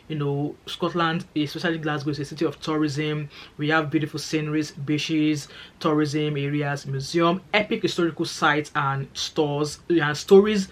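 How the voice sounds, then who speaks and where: Woman, middle-aged, quick talker, chatty, emphatic, casual vlog to camera. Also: deep voice. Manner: fast-talking, chatty, emphatic. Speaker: vlogger and nurse.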